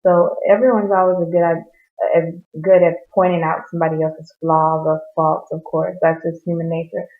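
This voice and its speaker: A woman talks earnestly through a Bible verse in a casual, rambling reflection, and she often restarts her sentences. Her voice sits fairly low and stays flat. The sound is thin and tinny, like a phone line. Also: moderate pace. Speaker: Bible devotional speaker.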